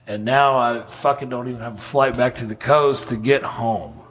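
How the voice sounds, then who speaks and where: A man's voice: medium pitch, normal speed, a bit bright. A man in his forties spins a rambling story, cursing freely and chuckling at how badly things went. His voice sits in an ordinary middle register, and his telling is blunt and unpolished, like casual podcast talk. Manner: profane, blunt, laughs through his story. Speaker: podcast guest.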